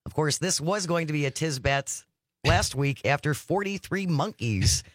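Man, radio co-host, slightly high voice, dry joking delivery, dead studio sound. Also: lively intonation, normal speed, no room sound. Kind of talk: casual radio chat.

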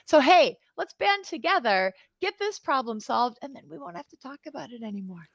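A woman's voice: sits high, very animated, brisk, no room sound. A middle-aged woman from Wisconsin, a political candidate chatting on a radio show, upbeat and proud. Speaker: guest, congressional candidate. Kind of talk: casual radio interview chat.

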